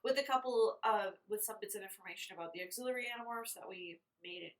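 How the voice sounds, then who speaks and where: A woman's voice: medium pitch, quick pace, far from the mic, rough recording. A woman co-hosting a podcast, chatting casually about a book and correcting plot details. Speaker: podcast co-host. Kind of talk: casual book recap chat.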